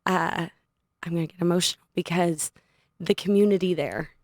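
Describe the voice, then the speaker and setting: A young adult woman, a podcast guest, telling a personal story in an animated, casual way and laughing often. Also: on the low side, moderate pace, dry recording, studio quality. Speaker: podcast guest, studio owner. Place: podcast studio.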